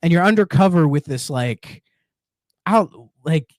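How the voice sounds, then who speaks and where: A man's voice: fairly high pitch, lively intonation, unhurried, dry recording, studio quality. A man co-hosting a podcast in casual chat, rambling with many restarts and fillers. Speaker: podcast co-host.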